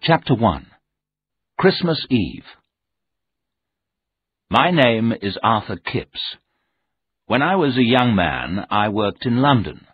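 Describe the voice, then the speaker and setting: A man narrating a story aloud in a slow, expressive read. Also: mid-range voice, husky, no room sound. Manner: slow, expressive, with lively rise and fall. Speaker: audiobook narrator. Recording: narrow tinny sound.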